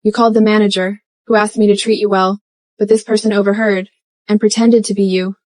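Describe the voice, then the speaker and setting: An actress playing a rude, snobbish young shop clerk, contemptuous and fawning, in an English drama dub. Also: female voice, mid-range voice, little pitch movement, brisk, darkish tone, no echo, close to an everyday voice.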